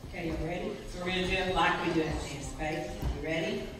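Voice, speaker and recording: A woman leading an animated children's message in a church service, directing the kids aloud. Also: lowish voice, fast talker. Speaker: children's ministry leader. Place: church sanctuary. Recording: echoey hall, distant mic, background noise.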